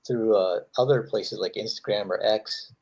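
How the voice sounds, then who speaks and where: A man's voice: on the low side, normal speed, darkish tone. A man who draws comics, chatting casually with friends and telling rambling anecdotes, acting out the quotes. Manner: rambling storyteller, acts out quotes. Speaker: comic artist, host. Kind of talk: casual chat.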